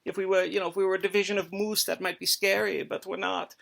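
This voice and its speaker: A man's voice: high voice, level tone, quick pace, gravelly, fairly bright tone, voice pushed up, exaggerated voice. A man voicing a smug German soldier joking about the enemy. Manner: smug, mocking.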